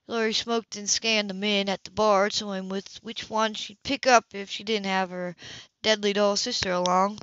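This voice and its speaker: A woman reading a novel aloud in a plain, steady narrating voice. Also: mid-range voice, moderate pace, clean tone, no echo, lo-fi sound. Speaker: audiobook reader.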